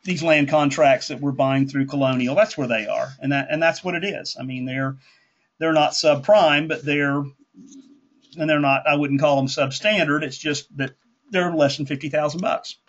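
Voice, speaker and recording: A man hosts a conversational teaching call as instructor for a group, rambling and correcting himself in a folksy way. His voice is a little high at normal speed, and the call audio is dull and lo-fi.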